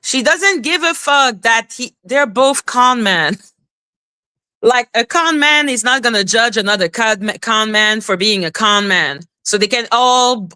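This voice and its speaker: A woman's voice: on the high side, expressive, measured pace, sharp tone, smooth. A woman commenting casually on a clip, sarcastic and swearing. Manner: sarcastic, profane.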